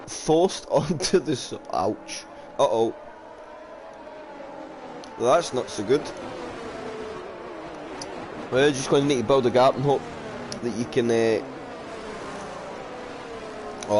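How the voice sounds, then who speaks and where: A man's voice: medium pitch, moderate pace, pauses often, noisy background. Chatty man commentating a racing league. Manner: chatty, jokey, reading out chat comments. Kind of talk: casual live race commentary.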